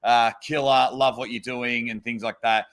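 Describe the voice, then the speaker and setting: A man's voice: medium pitch, little pitch movement, moderate pace, a bit bright. A man hosting a podcast, chatting casually and enthusiastically with his guests. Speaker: podcast host.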